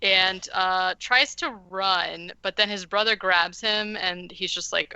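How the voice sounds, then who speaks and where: Rambling woman podcaster with a gravelly edge. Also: on the low side, steady tone, moderate pace, hardly any pauses, sharp tone, dry recording, lo-fi sound. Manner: rambling, heavy use of "like" and "um". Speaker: podcast host. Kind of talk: casual movie recap.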